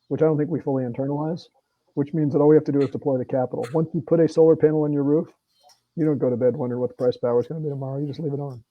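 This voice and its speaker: Speaking as a guest at a virtual meeting, a middle-aged man who serves as a congressman talks in a plain, earnest, conversational way, often starting over. The audio of his medium-pitched voice sounds dull, with no room sound.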